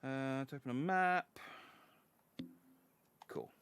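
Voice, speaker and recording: A man's voice: medium pitch, slow, fairly bright tone, a little hiss or hum. A young man chatting casually and joking while playing a game on a stream. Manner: chatty, jokey. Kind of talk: casual gameplay commentary.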